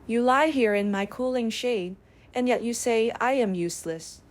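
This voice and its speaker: A woman's voice: fairly high pitch, moderate pace, pitched above the performer's own voice, close to an everyday voice. A woman voicing a talking plane tree that scolds ungrateful travelers, in a bedtime storybook. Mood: reproachful. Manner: reproachful.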